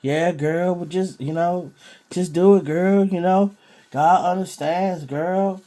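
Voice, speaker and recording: A man's voice: high voice, steady tone, slow pace, warm tone. A man voicing a young woman casually coaxing her girlfriend.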